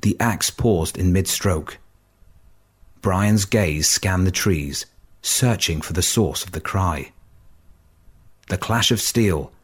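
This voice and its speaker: A man reading a story aloud as audiobook narration, measured and steady. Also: sits low, slightly rough.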